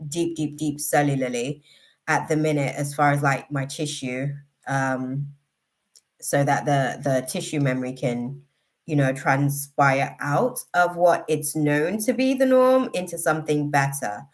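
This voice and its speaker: A woman runs a tarot reading livestream, speaking a little slowly in a low voice. Her chat with viewers is gushing and emotional, meandering and packed with fillers.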